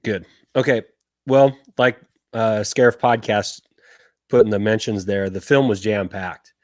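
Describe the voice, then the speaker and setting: A man's voice: fairly low pitch, steady tone, unhurried, no room sound, studio quality. A man co-hosting a casual podcast over a remote call, speaking hesitantly with fillers. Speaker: podcast co-host.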